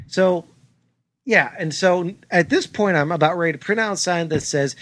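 A man's voice: a little high, moderate pace, dry recording. Exasperated man ranting on a podcast. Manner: exasperated, swears, animated storytelling. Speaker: podcast co-host. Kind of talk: casual chat, ranting story.

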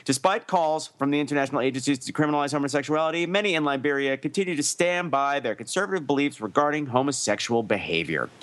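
A man's voice: a little high, fast talker, hardly any pauses, a bit bright. A man co-hosting a comedy podcast, reading news items aloud and adding wry asides. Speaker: podcast co-host. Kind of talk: casual comedic news chat.

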